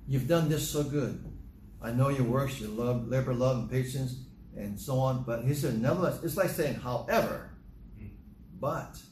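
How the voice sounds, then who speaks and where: Older male pastor, lively sermon delivery with acted-out dialogue; echoey, noisy recording. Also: medium pitch. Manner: animated, acts out dialogue in different voices. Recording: echoey room with noticeable noise.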